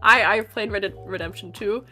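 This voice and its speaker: A woman from the East Coast, a guest artist and art educator chatting casually while drawing, bubbly and quick to laugh. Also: mid-range voice, sharp tone, soft background music. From United States, East Coast.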